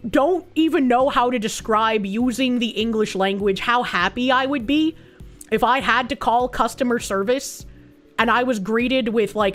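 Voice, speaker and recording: A young woman streamer with a somewhat bright voice on the high side chats casually with her viewers, reacting to their chat messages. She's blunt and sarcastic and swears a lot.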